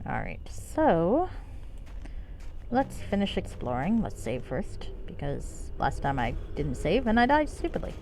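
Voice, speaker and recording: A woman streamer plays a fantasy game live, tossing out wry, joking remarks. Her voice is gravelly with a lively, wide-ranging pitch, over faint game music. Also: measured pace. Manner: wry, joking asides while playing.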